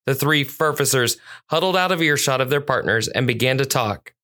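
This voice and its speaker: A storyteller narrating a children's police story at a measured, clear pace. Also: mid-range voice, lively intonation, sharp tone.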